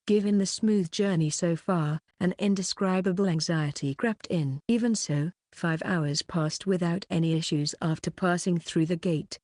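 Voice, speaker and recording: Woman reading a light novel audiobook, lowish voice, steady and even, super dry close mic. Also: no echo. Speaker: audiobook narrator. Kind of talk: scripted narration.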